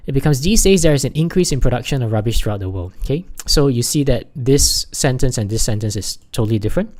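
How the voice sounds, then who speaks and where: A man teaching an English exam lesson over slides, halting often with fillers and restarts, and leaning hard on key words. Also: medium pitch, animated, a little mellow. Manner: stresses key words by raising his voice.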